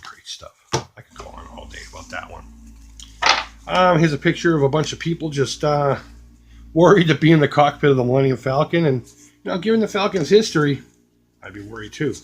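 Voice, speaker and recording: A man casually showing off a box of collectibles, joking crudely and doing quick mocking voices for the pictures. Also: fairly high pitch, expressive, slight background noise. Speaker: retro collecting YouTuber. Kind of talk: casual unboxing commentary.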